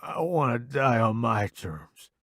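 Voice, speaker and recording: A man voicing a dying young soldier who begs in a weak, slow, pleading voice. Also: mid-range voice, lively intonation, gravelly, fairly bright tone, no echo, studio quality, full character voice. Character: dying young male soldier, begging and fading.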